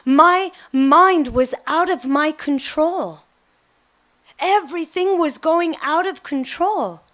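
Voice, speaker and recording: A woman's voice: high voice, takes it slowly. A middle-aged woman giving a devotional talk, telling personal stories and acting out the quotes. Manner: animated storytelling, acts out quotes. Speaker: devotional speaker.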